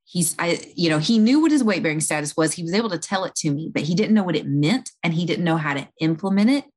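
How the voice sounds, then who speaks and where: A woman's voice: lowish voice, expressive, quick pace, darkish tone. A woman who works in home health, earnestly explaining a patient story in a conversation, with fillers and restarts along the way.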